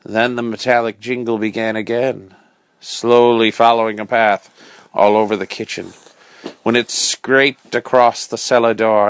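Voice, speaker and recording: A man reading a bedtime story aloud with dramatic, expressive storytelling. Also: medium pitch, dry recording.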